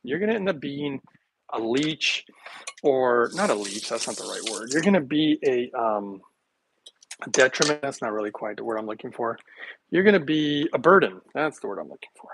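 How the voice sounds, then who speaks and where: A man rambles to camera while he makes a smoothie in his kitchen, joking and laughing along the way. His pitch sits in the usual middle for a man. Clear noise runs under his voice the whole time. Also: expressive, normal speed. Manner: playful, jokey, chatty, laughs often. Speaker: vlogger making a smoothie. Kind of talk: casual rambling monologue to camera.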